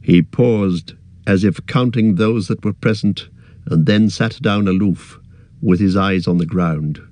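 Brief: male narrator, measured storytelling, low voice, dry close sound. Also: a little mellow, dry recording. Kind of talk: audiobook narration.

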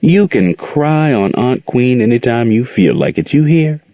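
Folksy protective old aunt, voiced by a male reader, higher than his own voice, dull sound. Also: very animated, a little slow, dry recording. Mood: tender. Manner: folksy, scolding then tender. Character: warm firm older aunt raising kids.

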